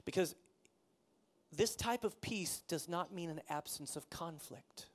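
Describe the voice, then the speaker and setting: A pastor preaching a sermon in a conversational way, asking the congregation questions and acting out the people in the story. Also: male voice, on the high side, a little slow. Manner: conversational preaching, asks the audience questions, acts out quotes.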